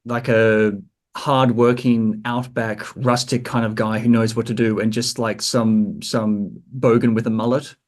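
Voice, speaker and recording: A man's voice: mid-range voice, flat delivery, unhurried. A man hosting a podcast, asking playful, teasing questions. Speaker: podcast host. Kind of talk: casual podcast interview.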